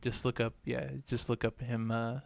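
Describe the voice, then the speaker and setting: A man on a casual podcast who speaks in a flat, level voice with little pitch movement. He throws in offhand, dry remarks, recorded close up in a dead, dry space. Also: normal speed, vocal fry, dry recording. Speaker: podcast co-host. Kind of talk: casual chat.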